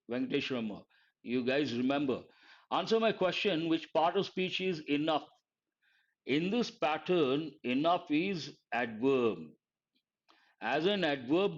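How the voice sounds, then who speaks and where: A man teaching grammar in a live online lesson, quizzing his students and repeating key phrases slowly. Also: fairly high pitch. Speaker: English vocabulary teacher. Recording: dull lo-fi stream audio.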